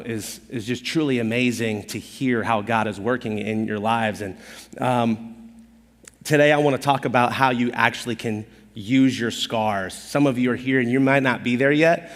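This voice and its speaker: A man preaching a sermon as pastor, telling personal stories in an animated, conversational, self-deprecating way. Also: medium pitch, a little slow. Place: church auditorium stage. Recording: long hall reverb.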